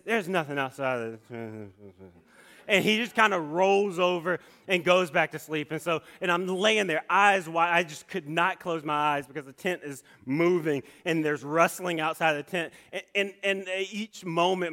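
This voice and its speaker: Man, high voice, bright and forceful tone, animated storytelling, frequent restarts, sermon.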